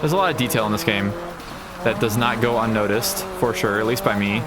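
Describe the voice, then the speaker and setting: A man's voice: lowish voice, fairly quick. A man giving casual, rambling commentary on a game playthrough, thinking aloud with wry asides. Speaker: gaming channel host. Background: racing game sounds and music.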